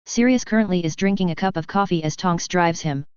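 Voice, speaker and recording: A narrator reads a fan fiction story in a very smooth, resonant voice at a steady, even pace. The recording is dry and slightly muffled, with no room sound around the voice. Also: medium pitch, a little fast, no room sound.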